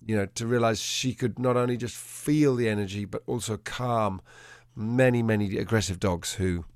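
A man, a dog trainer, telling a story in an animated way and acting out the quotes in a changing voice. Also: on the low side, moderate pace, no room sound, clean studio sound. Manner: animated, acts out quotes in a shifting voice. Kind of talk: conversational storytelling.

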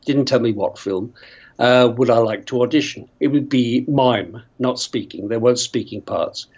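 A man in his sixties from Northern Ireland, an actor appearing as a guest, tells rambling stories in a casual interview and laughs often. He's chatty, with a medium-pitched, slightly mellow and husky voice at a moderate pace. The sound is lo-fi.

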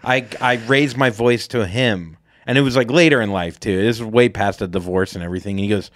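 A man's voice: a little fast, hardly any pauses, no echo, clean studio sound. A male comedian co-hosting a podcast, joking casually and expressively. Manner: jokey, expressive, swings pitch widely. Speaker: stand-up comedian, co-host.

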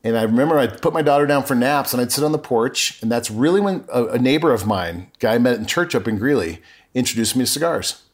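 This podcast guest, a middle-aged man, speaks quickly in a mid-range voice with lively intonation. He shares his life story candidly, earnest and emotional, often stopping mid-sentence to correct himself.

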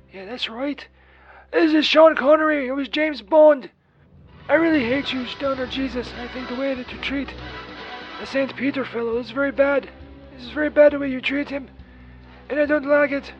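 A man voicing a crude, hostile impression of an old Scottish film star, his accent slipping between Scottish, Irish and his own as he rambles and insults. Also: very high voice. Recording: muffled voicemail recording with faint music.

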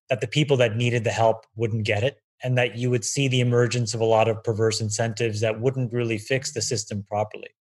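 A man answering interview questions in a measured way, thinking aloud with frequent hedges. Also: mid-range voice. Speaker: guest investor.

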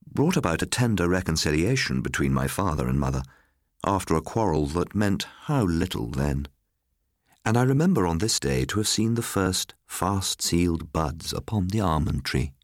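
A man narrating a ghost story in a measured, melancholy storytelling way. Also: deep voice, no room sound, clean studio sound. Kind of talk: scripted ghost story reading.

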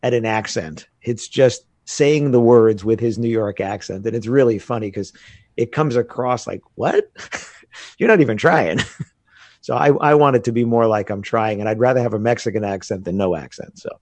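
An American man talking casually in an interview, telling animated stories about learning a language. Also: fairly low pitch, normal speed, dry recording. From United States. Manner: animated storytelling with laughs. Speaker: guest. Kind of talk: casual conversation.

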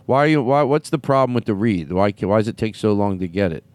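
Brief: male comedy host, lively intonation, loose improvised banter. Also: on the low side, quick pace, no room sound. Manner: playful, teasing, rambling. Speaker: podcast host.

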